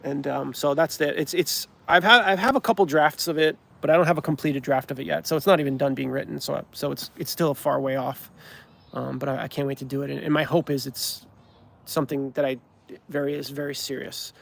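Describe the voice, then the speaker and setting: Male comedy creator, casual livestream host, a bit higher than usual, full of restarts and ums. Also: steady tone, fairly quick, creaky, fairly bright tone. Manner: rambling, many restarts and ums. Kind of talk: livestream chat.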